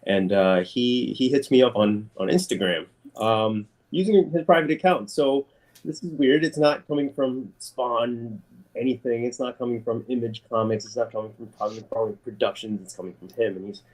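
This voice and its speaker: Animated man telling a story. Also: normal speed. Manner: animated storyteller, acts out quotes in a higher voice. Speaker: guest artist. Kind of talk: casual interview storytelling.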